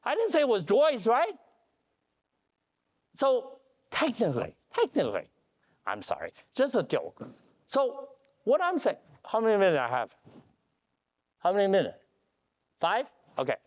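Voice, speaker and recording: A man giving a joking conference keynote as a company CEO, telling animated stories with broken grammar and restarts. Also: sits high, unhurried, long pauses. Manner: animated storytelling with jokes; non-standard grammar, restarts. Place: conference hall. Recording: dull lo-fi conference audio.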